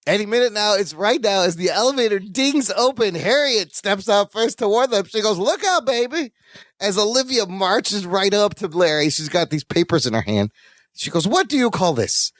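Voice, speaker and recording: A man co-hosting a rewatch podcast, recapping sitcom scenes with animated storytelling. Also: high voice, moderate pace, no room sound, clean studio sound. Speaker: podcast co-host. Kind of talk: casual rewatch recap chat.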